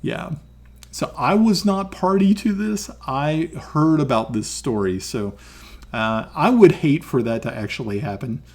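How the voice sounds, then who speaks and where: A Southern American man runs a tabletop game on his stream and chats between sessions. His voice sits a little high and bounces all over the place. He laughs often and swears casually. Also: animated, a little slow. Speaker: dungeon master and streamer.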